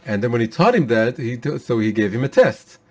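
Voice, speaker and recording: A man's voice: medium pitch, very animated, fairly quick. Earnest man teaching a Torah class.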